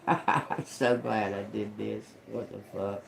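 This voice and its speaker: A woman's voice: a bass voice, fairly even intonation, slow, vocal fry, a little hiss or hum. A woman streaming live as a psychic reader, muttering single words over and over, puzzled and swearing at what she hears. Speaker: tarot and oracle live streamer.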